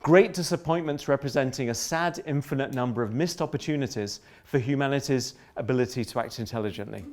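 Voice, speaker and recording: Animated man giving a lecture. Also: mid-range voice, a little fast, hardly any pauses. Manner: animated, polemical, self-interrupting with asides. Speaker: professor giving a public lecture. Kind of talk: public lecture.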